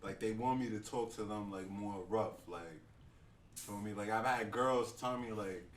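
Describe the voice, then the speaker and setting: A man's voice: on the low side, unhurried, distant mic, slight background noise. A young man co-hosting a podcast, telling stories in a laid-back, slangy way. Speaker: podcast co-host. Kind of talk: casual chat. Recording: roomy echo, from off mic.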